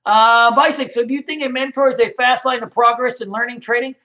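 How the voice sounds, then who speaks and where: A man's voice: very high voice, fairly even intonation, fast, sharp tone, highs cut off. A man hosting a casual trading webinar, answering viewer questions in a loose, rambling way with many fillers.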